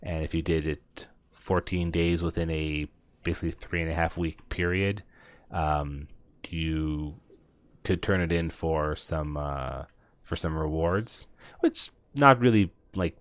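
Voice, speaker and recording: Man, deep voice, casual let's-play host, rambling with fillers, dry and muffled lo-fi recording. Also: a little slow, no echo. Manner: rambling, many filler words. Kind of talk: casual gameplay commentary.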